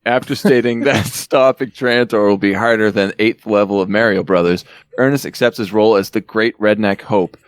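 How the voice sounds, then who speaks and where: A man's voice: lowish voice, normal speed, clean tone, no room sound, clean studio sound. A man hosting a podcast, casually recapping a film's plot with joking asides. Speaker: podcast host recapping a film. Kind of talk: casual chat.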